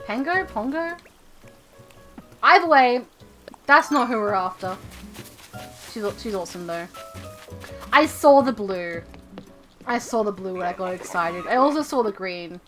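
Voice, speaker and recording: A woman's voice: mid-range voice, expressive, a little slow, pauses often, a bit bright, faint music behind. A woman streaming a video game live, chatting casually and rambling, often repeating her own phrases.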